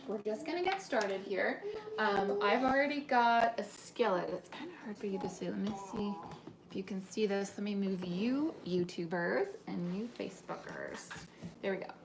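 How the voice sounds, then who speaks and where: A woman's voice: medium pitch, normal speed, vocal fry, reverberant, distant mic, crowd noise. A woman hosting a live cooking demonstration from her home kitchen, chatting to viewers and greeting them by name as she explains each step. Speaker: cooking demo host and cookbook author.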